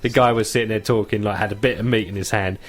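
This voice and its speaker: A man's voice: fairly low pitch, fast. A man with a British accent co-hosting a comedy radio show, chatting casually and laughing often. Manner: laughs often, animated, tells funny stories. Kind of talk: casual banter. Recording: radio studio.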